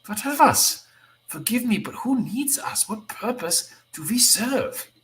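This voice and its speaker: A man's voice: medium pitch, animated, moderate pace, a bit bright, natural voice, low-quality recording. A man voicing a weary, disillusioned male mutant hero who has lost faith in the cause, read aloud with impassioned conviction.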